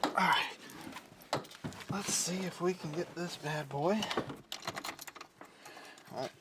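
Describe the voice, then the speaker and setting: A man's voice: on the high side, slow. A young man casually thinking aloud as he works on his car, narrating for his vlog. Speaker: car vlogger. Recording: loud car engine noise behind.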